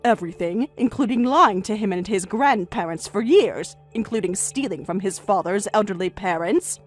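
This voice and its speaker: Firm, measured older grandmother, read by a woman, lively in pitch, with soft music underneath. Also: natural voice. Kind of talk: story narration with dialogue.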